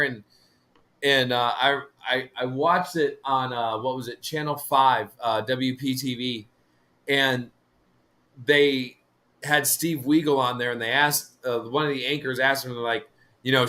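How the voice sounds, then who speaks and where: A man co-hosting a live fishing show, telling a story in a rambling, halting way. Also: mid-range voice, steady tone, sharp tone. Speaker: co-host, fishing charter guide. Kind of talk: casual live-stream chat.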